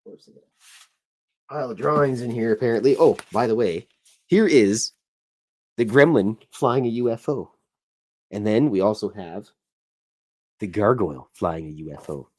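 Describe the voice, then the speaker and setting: Chatty low-voiced man, rambling host. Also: expressive, moderate pace, pauses often. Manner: rambling, chatty, self-deprecating. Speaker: show host. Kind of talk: casual livestream chat while drawing.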